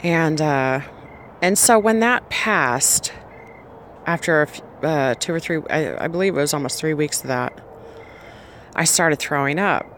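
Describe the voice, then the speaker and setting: A woman's voice: low-pitched, a little slow, a bit bright, slight background noise. A pregnant woman vlogger giving an earnest, rambling personal faith testimony, often restarting her sentences.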